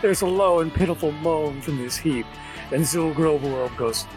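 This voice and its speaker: A man's voice: fairly high pitch, normal speed, over music. A man narrating a tabletop game as game master in a casual, jokey, rambling way.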